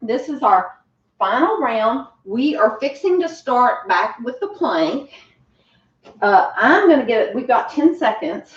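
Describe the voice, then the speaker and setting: Breathless encouraging fitness instructor. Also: female voice, a little high, very animated, takes it slowly. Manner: encouraging, chatty, laughs often. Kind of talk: home workout class. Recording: roomy, distant, dull home recording.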